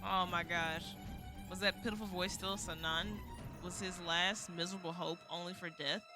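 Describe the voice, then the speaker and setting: A woman's voice: lowish voice, fairly even intonation, moderate pace, music in the background. A woman streamer reading a visual novel aloud, moving from dramatic narration to flustered, exasperated asides.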